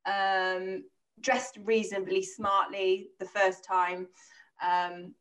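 A woman in her thirties telling a lively, sweary anecdote as a podcast co-host. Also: mid-range voice, slow pace, far from the mic. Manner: swearing, anecdotal, animated retelling with quoted voices. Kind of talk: casual storytelling chat.

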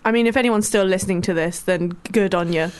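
A woman's voice: mid-range voice, fast talker, clean tone. A woman co-hosting a radio show, teasing her co-host playfully in casual chat.

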